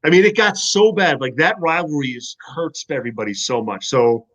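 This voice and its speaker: A man, a former football player, telling stories in a casual podcast chat, animated and profane. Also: on the high side, fairly quick, muffled recording.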